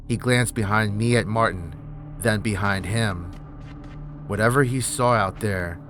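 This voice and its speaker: A man narrating a horror story in a measured, tense storytelling manner. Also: lowish voice, a bit bright, no room sound, studio quality.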